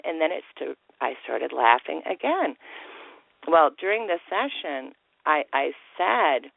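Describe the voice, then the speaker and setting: A man's voice: on the high side, lively intonation, unhurried, creaky, no room sound. A man calling in to tell a personal story over the phone, acting out the voices he quotes and laughing often. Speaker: caller. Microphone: telephone. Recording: tinny phone line.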